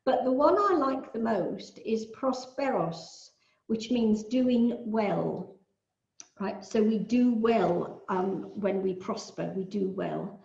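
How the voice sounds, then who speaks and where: An older woman from the UK giving a measured online lecture on astrology, explaining ideas with musing asides. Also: mid-range voice, lively intonation, vocal fry, darkish tone. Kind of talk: online talk with shared screen. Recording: echoey, dull lo-fi.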